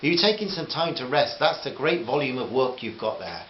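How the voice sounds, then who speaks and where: A man's voice: medium pitch, sing-song, brisk, roomy sound, muffled recording, a little hiss or hum, lightly acted. A man voicing a friendly, posh older male aristocrat who speaks genially and uses fond terms of address.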